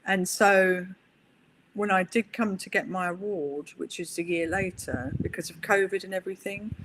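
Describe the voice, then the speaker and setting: A middle-aged woman, a guest on an interview podcast, telling stories in a chatty, animated way. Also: lowish voice, normal speed, noisy background. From England. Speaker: guest, pool player. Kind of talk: interview conversation.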